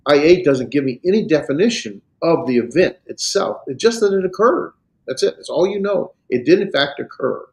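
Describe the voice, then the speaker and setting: A man with an American Southern accent teaching a Greek class, explaining slowly with many fillers and restarts. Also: fairly high pitch, animated, a little mellow. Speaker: Greek instructor. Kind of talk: classroom lecture and Q&A.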